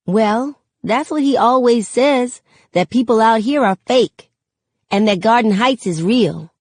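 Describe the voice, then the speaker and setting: A woman voicing an excitable, whiny little boy in a read-aloud novel. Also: a little high, measured pace, dry recording, pitched above the performer's own voice. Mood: curious.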